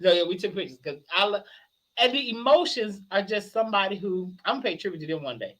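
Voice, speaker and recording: Bright-voiced, animated storytelling man. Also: sits high, fast talker. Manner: animated storyteller, laughs a lot, hoarse shouts when excited. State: a little tipsy. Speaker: guest. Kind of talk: casual chat.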